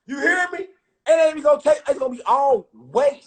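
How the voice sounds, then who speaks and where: A man telling a spiritual story in casual, profane street slang, getting loud and excited at times. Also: extremely high pitch, moderate pace. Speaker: speaker.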